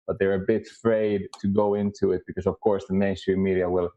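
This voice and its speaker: A man with a Finnish accent, a guest in a casual discussion, speaking haltingly with many restarts and repeated words. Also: deep voice, flat delivery, dark tone, dull audio. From Finland.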